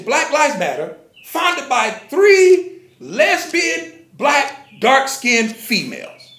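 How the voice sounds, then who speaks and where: A man rants his commentary in a sarcastic, mocking tone, dropping curses as he goes. His voice sits high, and he talks in a slow, deliberate way. A roomy echo surrounds everything he says. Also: a bit bright. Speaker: commentary vlogger. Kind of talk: ranting commentary. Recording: echoey room.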